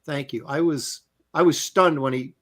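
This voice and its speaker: A man's voice: a little high, normal speed. A man co-hosting an art podcast, chatting casually and joking around. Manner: laughs easily, animated and joking. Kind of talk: casual chat.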